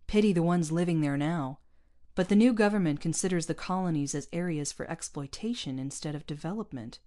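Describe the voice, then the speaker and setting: A woman's voice: low voice, fairly quick, dark tone, natural voice. A woman voicing a gloomy, firm male colony leader.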